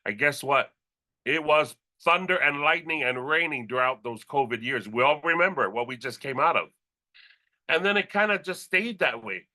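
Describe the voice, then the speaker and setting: Guy with a high bright voice hyping up a crowd on stage, playful and animated. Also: normal speed. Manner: animated, playful, breaks into sound effects and laughter. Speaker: company leader presenting new executives. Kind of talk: energetic motivational stage speech.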